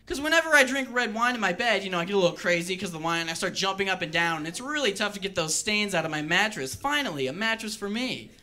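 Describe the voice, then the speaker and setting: A man doing a stand-up routine on a club stage, wry and deadpan with rambling asides. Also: high voice, fast talker, hardly any pauses. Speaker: stand-up comedian.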